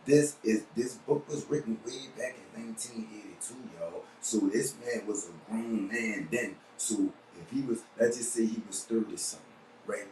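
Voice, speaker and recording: A young man with a New Orleans drawl talks on and on in a blunt, emphatic monologue. His voice sits low. The sound is roomy and a little distant, with faint ambience behind him. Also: normal speed, a little mellow, a little hiss or hum. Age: young adult. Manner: rambling and emphatic, keeps asking "you see what I'm saying"; blunt, profane street talk. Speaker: podcast host. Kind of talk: casual monologue.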